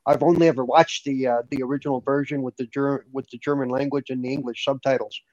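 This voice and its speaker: A man co-hosting a gaming podcast, relaxed, laughing easily as he tells things. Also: medium pitch, quick pace, no room sound. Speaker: podcast co-host. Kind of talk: casual panel chat. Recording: dull lo-fi mic.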